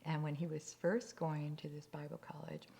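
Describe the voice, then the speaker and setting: A woman telling faith stories in a casual talk, with halting restarts and whispered asides. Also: low voice, level tone, vocal fry, mellow. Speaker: speaker.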